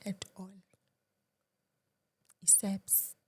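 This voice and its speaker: A young woman, a guest, telling a personal story with emotion, dropping to a hush at times and restarting her words. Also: very slow, in a whisper. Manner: shifts between loud and hushed, restarts.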